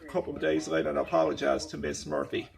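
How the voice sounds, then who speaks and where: A man's voice: fairly high pitch, little pitch movement, racing, gravelly. A man telling a long story in a rambling spoken monologue, circling back and repeating the same points. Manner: repetitive, circling retelling.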